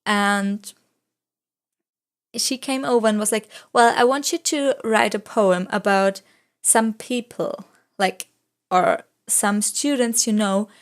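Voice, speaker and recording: Young woman vlogger, English not her first language, rambling casual voice-over, mid pitch. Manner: rambling storytelling, full of "like" fillers; non-native English speaker.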